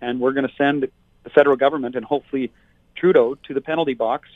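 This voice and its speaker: A man's voice: mid-range voice, fairly even intonation, fast talker, no echo. A man from Alberta comes through a thin, tinny phone line with no room sound at all. He speaks as a politician calling in, emphatic and indignant, and he drives home his points by repeating them. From Alberta, Canada. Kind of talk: impassioned political talk.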